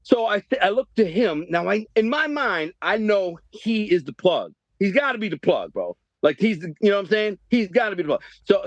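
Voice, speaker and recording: A man in his fifties from the Detroit area, telling a story as a podcast guest in animated, profane street slang. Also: high voice, no echo, highs cut off. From Detroit area, Michigan. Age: 50s. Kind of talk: storytelling interview.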